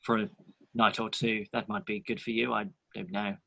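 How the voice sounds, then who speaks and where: A man's voice: fairly low pitch, flat delivery, moderate pace, gravelly, a bit bright. A man playing his character in a tabletop game, speaking in a formal, courtly, theatrical way. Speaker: player. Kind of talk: in-character tabletop role-play.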